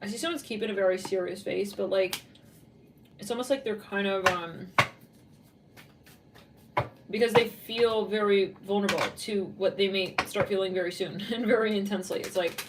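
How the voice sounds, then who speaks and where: A tarot reader with a Californian accent gives a casual, rambling reading, giggling often and saying "like" a lot. Her voice is mid-range, recorded from a distance with background noise.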